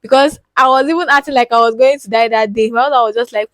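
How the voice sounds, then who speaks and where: A woman's voice: fairly high pitch, quick pace, few pauses, no echo. Emotional Nigerian woman telling her story. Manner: emotional, repeats words for emphasis. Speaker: vlogger. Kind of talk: personal storytelling to camera.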